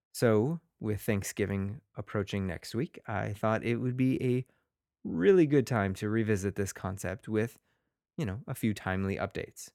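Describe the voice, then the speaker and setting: A man's voice: fairly low pitch, darkish tone, no room sound, studio quality. A man, a teacher hosting his own podcast, talking casually and rambling a little, with self-deprecating asides and playful quotes of his students.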